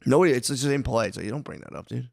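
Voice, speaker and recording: A man's voice: medium pitch, expressive, very fast, gravelly, no room sound, studio quality. Laid-back profane podcast co-host man. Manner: loose, profane, laughing banter. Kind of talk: casual podcast chat.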